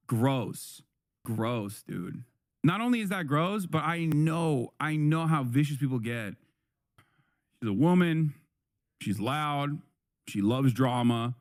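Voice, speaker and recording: A man's voice: fairly high pitch, no room sound, clean studio sound. A man streaming live, reacting to a video with heated, profane commentary that often repeats and restarts. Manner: angry, profane ranting.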